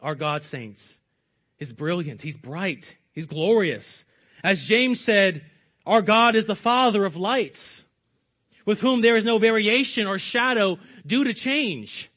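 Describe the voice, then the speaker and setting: High-voiced man preaching emphatically. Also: takes it slowly, a bit bright. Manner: emphatic preaching, addressing listeners as saints, trailing off low. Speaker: pastor. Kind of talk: sermon.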